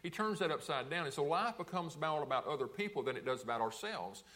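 Fast-talking preacher with a higher voice. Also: male voice, lively intonation, fairly bright tone. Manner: asks the congregation rhetorical questions and answers them, repeats words. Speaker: pastor. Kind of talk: sermon. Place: church sanctuary.

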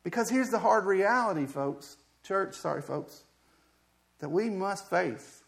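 A male preacher with a high voice, talking to his congregation in an easy, conversational way. He drops into quiet asides and then climbs into loud, pleading passages, repeating words as he builds. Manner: swings from soft asides to loud impassioned pleading. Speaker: pastor. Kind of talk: sermon.

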